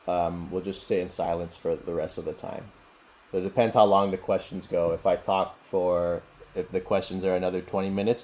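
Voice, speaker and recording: Low-voiced man teaching meditation. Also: a little hiss or hum. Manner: relaxed, rambling, laughs often. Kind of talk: casual teaching and Q&A. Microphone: video call.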